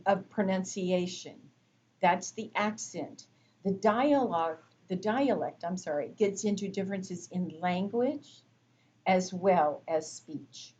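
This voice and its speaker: A woman instructor giving a recorded lecture, explaining terms in a measured way with frequent fillers. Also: lowish voice, a little mellow, highs cut off.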